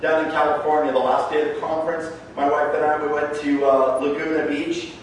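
A Canadian pastor preaches a sermon, animatedly telling stories and acting out their dialogue. His voice is a little high and fairly quick. The recording is from a very echoey hall with a distant mic and faint background noise.

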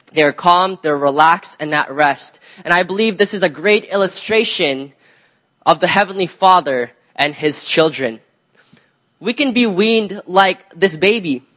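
High-voiced man preaching a casual sermon. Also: fairly bright tone. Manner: conversational, many "you know" fillers and restarts.

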